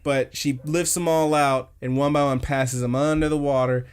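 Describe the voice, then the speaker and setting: A man of middle pitch talking loosely on a podcast, recapping scenes in a relaxed, rambling way. He swears freely and drops into brief quoted lines as he tells the story. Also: moderate pace, smooth. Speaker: podcast co-host. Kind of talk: casual anime recap chat.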